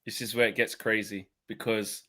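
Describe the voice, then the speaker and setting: A man's voice: fairly low pitch, level tone, normal speed, pushed and bright. A man co-hosting a football podcast, explaining his points patiently in casual chat. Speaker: podcast co-host.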